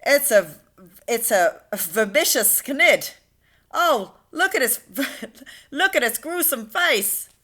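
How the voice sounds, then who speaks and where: A woman's voice: on the high side, big pitch swings, slow, heavily acted. A woman doing a panicky police chief. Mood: panicked. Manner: loud and panicky. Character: frantic male police chief.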